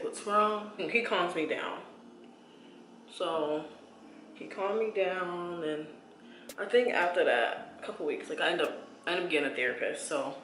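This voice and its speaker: A young woman in her twenties talks straight to her viewers in a casual, rambling way, circling back and restarting as she confides. Her voice comes across bright and forward. The room rings with echo, and soft music plays underneath. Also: low-pitched. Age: 20s. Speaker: beauty vlogger. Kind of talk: casual chat.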